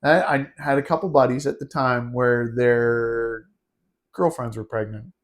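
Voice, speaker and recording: A man telling a wild story on a podcast, animated and laughing, calling his cohost "dude" and "bro". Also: mid-range voice, a little slow. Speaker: podcast host. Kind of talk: casual storytelling chat.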